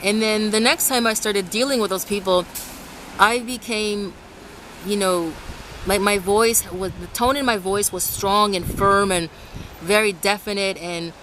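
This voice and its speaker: A woman from Ecuador with a medium-pitched voice vlogs casually to camera outdoors in the rain and wind, speaking unhurriedly. She rambles, restarts her sentences often, and grows animated when quoting others. The rough recording carries faint outdoor traffic noise.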